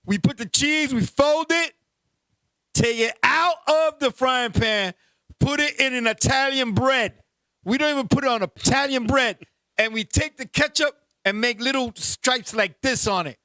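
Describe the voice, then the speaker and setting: A man, hosting a casual show, loud and animated with lots of profanity. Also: extremely high pitch, unhurried, no echo. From Puerto Rico heritage, New York. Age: 50s. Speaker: podcast host. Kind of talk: casual banter.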